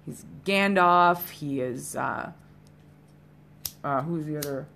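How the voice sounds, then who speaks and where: A woman's voice: sits low, takes it slowly, creaky, fairly bright tone. A woman hosting a solo podcast, chatting in a rambling, casual way straight to her listeners, a little tipsy. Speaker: podcast host.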